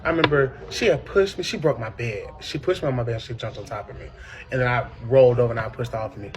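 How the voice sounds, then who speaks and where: A man telling a personal story in casual chat, animated and profane, with sudden high shrieking impressions. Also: fast talker. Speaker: podcast host.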